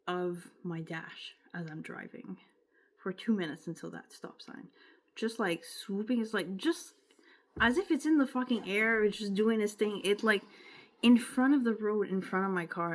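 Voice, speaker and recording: A woman's voice: mid-range voice, unhurried. Woman with a Quebec French accent telling a story. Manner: rambling, emotional, with filler words and self-interruptions. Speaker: vlogger. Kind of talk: casual storytelling to camera.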